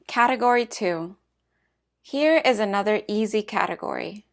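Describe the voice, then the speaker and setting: A woman narrating a scripted language lesson with clear, measured explanations. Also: medium pitch. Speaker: language teacher.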